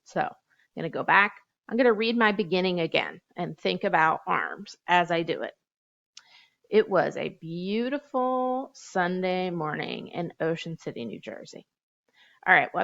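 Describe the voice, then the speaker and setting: A woman's voice: fairly low pitch, creaky, fairly bright tone, lo-fi sound. A woman teacher walking a class through revising a story, reading drafts aloud, spelling words out letter by letter and chatting playfully as she goes.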